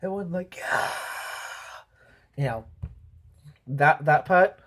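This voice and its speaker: A man's voice: a little high, animated, measured pace. A man giving a casual movie review, rambling with lots of "um" and "you know" and acting out sound effects as he talks. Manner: voices sound effects and quotes while telling.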